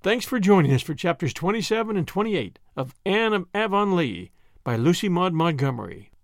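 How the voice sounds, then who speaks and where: A man's voice: high-pitched, sing-song, moderate pace, vocal fry, no echo, clean studio sound. A man narrating a classic story and hosting a podcast, reading expressively. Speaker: audiobook narrator and podcast host.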